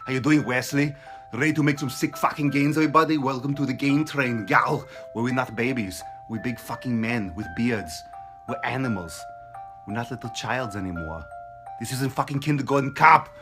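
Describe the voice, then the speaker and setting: A man's voice: mid-range voice, moderate pace, over music. A man hosting a fitness vlog, delivering a brash, profane, mocking motivational rant.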